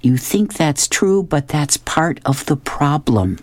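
A woman voicing a patient, exasperated father explaining things slowly to his son. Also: sits low, lively intonation, a little mellow, slight background noise, pitched above the performer's own voice.

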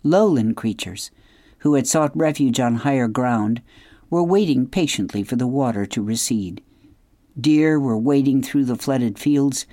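A woman's voice: very deep voice, no room sound. Woman reading a storybook aloud, dry studio sound. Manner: expressive, measured storytelling with dramatic hushed asides. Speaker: radio program host reading a book aloud. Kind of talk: scripted storybook narration.

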